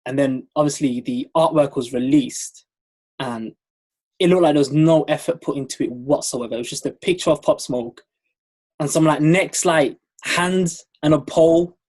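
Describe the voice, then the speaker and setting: Young male co-host, raspy and a bit high, easy slangy banter. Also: moderate pace, darkish tone. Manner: laid-back, laughs often, slang-heavy. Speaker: podcast co-host. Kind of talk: casual chat.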